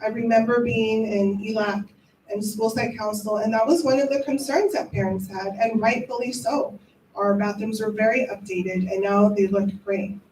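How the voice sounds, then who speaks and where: A woman's voice: mid-range voice, fairly even intonation, moderate pace, darkish tone, a little hiss or hum. A middle-aged woman teacher giving a heartfelt, emotional ceremony speech in a school cafeteria. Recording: echoey room from a distant mic.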